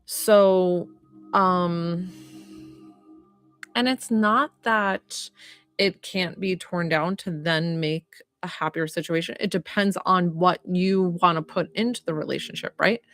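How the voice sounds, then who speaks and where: A woman's voice: on the low side, fairly even intonation, slow pace, a bit bright, no echo, clean studio sound, faint music behind. A woman working as a psychic medium, chatting through a live reading with many "like" fillers.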